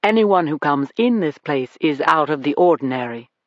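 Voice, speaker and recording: Audiobook: reader doing a deep-voiced British club owner, smooth and evasive, middle pitch, dry lo-fi sound. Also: expressive, normal speed, dry recording, natural voice. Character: suave male club owner, cheerful, evasive. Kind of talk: audiobook character reading. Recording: dull dry recording.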